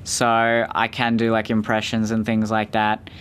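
A man's voice: fairly low pitch, monotone, unhurried, a bit bright, clear, resonant tone. A man of eighteen describing himself, hesitant and searching for words. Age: teens.

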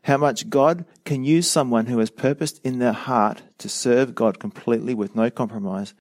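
A middle-aged man preaching a sermon as a pastor, earnest and measured, with a touch of dry sarcasm. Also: medium pitch, a little mellow, no echo.

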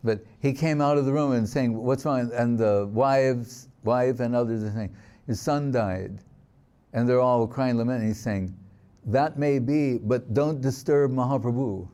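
A man giving a spiritual sermon, telling stories in a reflective, unhurried way and reciting verses. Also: medium pitch, mellow, clean tone. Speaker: swami giving a spiritual talk.

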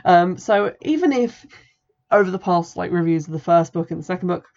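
Low, gravelly woman reviewing a book. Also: a little fast, darkish tone. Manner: sarcastic, exasperated, swears casually. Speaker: podcast host reviewing a book. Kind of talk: casual spoken review with reading aloud. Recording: dull lo-fi recording.

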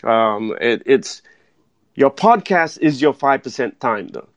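A man giving animated speaking advice as a guest in a podcast interview, full of "right?" tag questions. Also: mid-range voice, slow pace, no room sound. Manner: energetic, keeps asking "right?" and tacking on "though". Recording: dull lo-fi dry sound.

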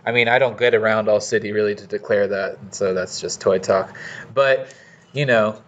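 A man's voice: fairly low pitch, fairly even intonation, moderate pace. A man co-hosting a casual podcast, talking in a loose, rambling way full of slang and cursing. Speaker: podcast co-host. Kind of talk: casual chat. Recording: dull lo-fi recording.

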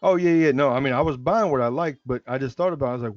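A man hosting a casual sneaker chat, relaxed and rambling, often restarting his sentences. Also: medium pitch, rapid-fire, hardly any pauses, no echo, highs cut off. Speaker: sneaker podcast host.

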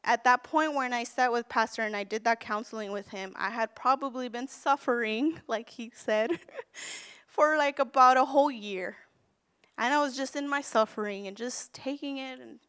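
A woman minister preaching a sermon, counting off numbered points and then candidly telling a personal story with gentle self-deprecation. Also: fairly high pitch, normal speed, clean tone. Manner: earnest, counts off numbered points, quotes scripture.

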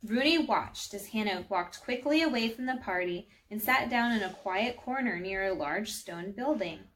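A woman reads a children's storybook aloud in an expressive, animated way. Her voice sits in an ordinary middle range and she shapes each sentence for young listeners. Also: medium pitch, normal speed, a little hiss or hum. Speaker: storybook reader.

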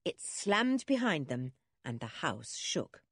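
A woman's voice: sits low, big pitch swings, takes it slowly, fairly bright tone, husky, dry recording, studio quality. A woman narrating a children's storybook, reading expressively.

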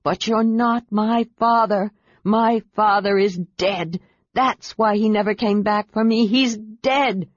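A woman's voice: medium pitch, steady tone, takes it slowly, dry recording, voice pushed up. A woman reading an audiobook, voicing a fierce woman warrior who speaks tensely and defiantly. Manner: tense, defiant, through clenched teeth. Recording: dull, dry lo-fi audiobook recording.

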